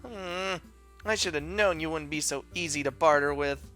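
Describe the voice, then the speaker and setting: A man voicing a bubbly, clingy teenage girl heroine in a high, whiny, gushing voice while reading a visual novel aloud. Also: normal speed, fairly bright tone, faint music behind, close to an everyday voice.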